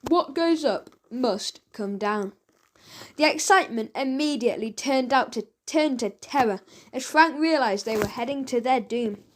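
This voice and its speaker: A woman reading a children's audiobook aloud, lively and expressive. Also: a little high, unhurried. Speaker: audiobook narrator.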